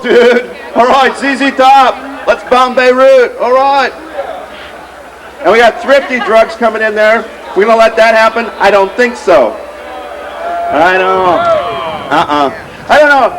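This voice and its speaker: A man in his thirties doing a rambling, self-mocking stand-up set and emceeing from an outdoor stage. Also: high voice. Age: 30s. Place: outdoor street fair stage. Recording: noisy outdoor crowd recording. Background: crowd noise.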